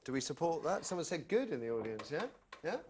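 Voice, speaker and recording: A man's voice: fairly high pitch, sing-song, quick pace, slight background noise. A man hosting a studio talk show, bantering and teasing his guests.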